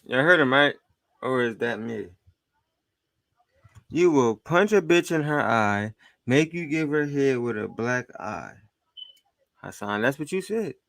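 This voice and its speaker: Male host, mid pitch, dry close mic, taunting commentary on clips. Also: animated, measured pace, vocal fry, pauses often, a bit bright, no echo. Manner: taunting, scolding listeners. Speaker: podcast host. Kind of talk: heated commentary on played clips.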